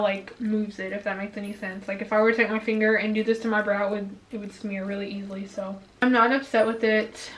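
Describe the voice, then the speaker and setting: A woman's voice: medium pitch, low-quality recording. A young woman filming a casual makeup review at home, chatting and venting her frustration, a bit out of breath. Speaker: beauty vlogger. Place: indoors at home, filming herself.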